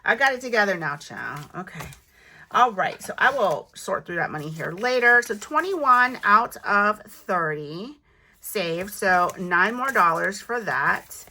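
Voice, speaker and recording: Bright-voiced chatty woman counting cash. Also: medium pitch, big pitch swings, unhurried. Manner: chatty, counts money aloud, self-teasing. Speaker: budgeting vlogger. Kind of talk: casual chat while counting cash.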